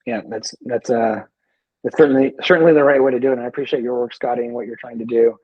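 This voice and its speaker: A man with a husky, slightly breathy voice tells his story in an easygoing way, stopping often and going back over his words. His sound is dry and a bit muffled, like a lo-fi remote call. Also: medium pitch, steady tone, fast, no room sound. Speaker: guest, veteran in recovery. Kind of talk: casual interview talk.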